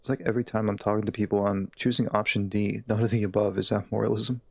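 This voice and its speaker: A man's voice: on the low side, level tone, fast talker, creaky, no echo. A man live-streaming a game, chatting in a laid-back, easygoing way with his viewers. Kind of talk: casual live-stream chat.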